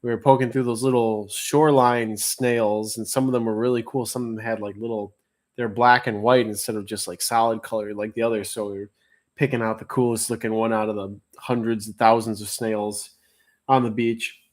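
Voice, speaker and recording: A man's voice: on the low side, little pitch movement, fairly quick. A man hosting a livestream auction, talking casually and rambling with fillers, calling out bids and reading chat. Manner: rambling, chatty storytelling with many fillers; reads out chat messages and calls bids.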